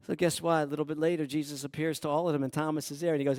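A man preaching a sermon who swings from hushed, quiet passages to loud, emphatic ones. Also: a little high, flat delivery, very fast, hardly any pauses, dry recording, clean studio sound. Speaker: pastor.

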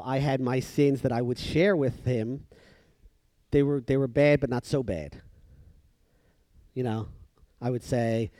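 Dry-voiced male preacher, hushed to emphatic. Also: a little high, no echo. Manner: swings from loud emphatic bursts to soft hushed lines; acts out the voices in the story he tells. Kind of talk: sermon.

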